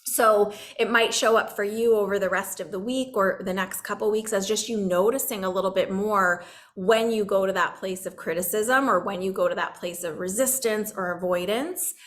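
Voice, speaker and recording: A middle-aged woman leads a group healing session over a video call, her voice gentle and soothing. She talks in a relaxed, chatty way and laughs easily, then settles into a calm guided meditation. Her pitch sits in the middle range. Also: moderate pace. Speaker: energy healer leading a group session.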